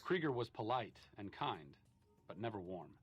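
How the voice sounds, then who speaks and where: A soft-spoken video game companion who talks in a thoughtful, measured way. His voice sits on the low side and stays steady and unhurried. It sounds like polished studio game dialogue. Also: breathy edge, no echo, muffled recording, faint music behind. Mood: reflective. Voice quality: calm, measured, reflective.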